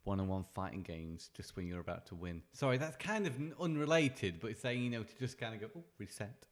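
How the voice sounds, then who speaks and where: A man co-hosting a casual gaming podcast, tossing in quick joking asides. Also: on the low side, animated. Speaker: podcast co-host. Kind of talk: casual chat.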